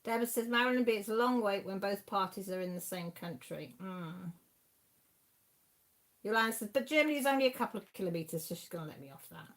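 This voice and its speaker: This is a Welsh woman in her sixties who hosts her own live stream. She chats on casually and reads viewer messages out one after another, her voice sitting at an ordinary middle pitch. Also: lively intonation, fast. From Wales. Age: 60s. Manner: chatty, rambling, reads viewer comments aloud. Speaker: channel host reading live chat.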